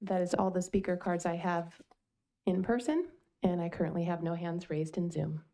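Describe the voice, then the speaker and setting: A woman's voice: on the low side, steady tone, moderate pace, dark tone. A woman acting as meeting clerk, calling speakers and reading comment cards into the record in a plain, businesslike way.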